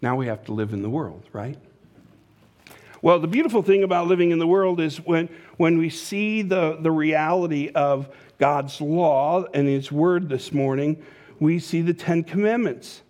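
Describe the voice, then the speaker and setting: Conversational male preacher, slightly high voice. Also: measured pace, a little mellow. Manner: conversational preaching with joke-telling asides. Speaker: pastor. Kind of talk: sermon.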